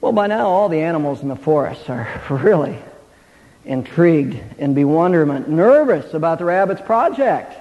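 An earnest male preacher with a high voice, emphatic and animated as he tells a story. The recording is muffled and carries a long hall reverb. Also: moderate pace. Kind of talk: sermon with storytelling.

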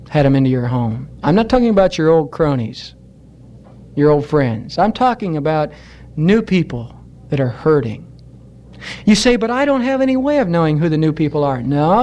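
A male pastor preaching a sermon to his congregation in an earnest, exhorting way, slowing down for emphasis. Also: on the high side, a little mellow. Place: church.

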